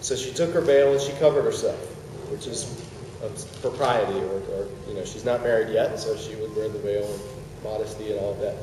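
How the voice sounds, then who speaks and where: A man's voice: fairly low pitch, fairly even intonation, a little fast, few pauses, noisy background. A man teaching a casual Bible study to a group, conversational, with joking asides and questions for the class. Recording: roomy distant recording with long reverb.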